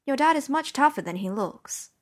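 A woman reading the part of a calm, protective mother in an audiobook, soft and steady. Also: sits high, moderate pace, voice pushed up. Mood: soothing.

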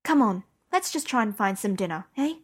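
A woman reading the part of a calm, protective mother in an audiobook, soft and steady. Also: medium pitch, fairly quick, breathy edge. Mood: soothing.

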